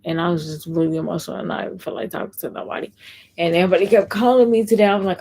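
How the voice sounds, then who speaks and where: A woman with a low, gravelly voice hosts a casual live stream, chatting rapid-fire as she reads and answers viewer comments. The recording quality is low.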